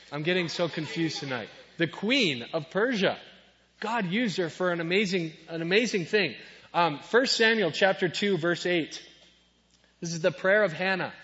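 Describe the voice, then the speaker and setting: Playful preacher man with a high voice. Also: a bit bright. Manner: playful, jokey, asks the audience questions. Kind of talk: lively youth sermon. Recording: dull sound in a reverberant hall.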